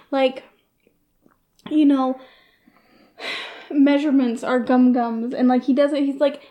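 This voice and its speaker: A woman's voice: high voice, mellow. A woman co-hosting a casual podcast chat, giggling often and rambling with frequent restarts. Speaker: podcast co-host.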